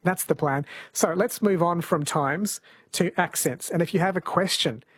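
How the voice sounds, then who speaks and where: A man's voice: a little high, normal speed, fairly bright tone, husky. A man hosting a radio interview, asking curious, chatty questions in a studio. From New Zealand. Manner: chatty, inquisitive. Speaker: radio host.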